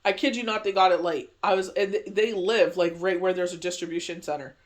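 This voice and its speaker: A man with a notably high voice talks through a daily tarot reading. He rambles in a loose, chatty way, circling back with friendly filler phrases as he goes. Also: steady tone, a little fast. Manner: rambling, chatty, heavy on "you know" fillers. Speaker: tarot reader.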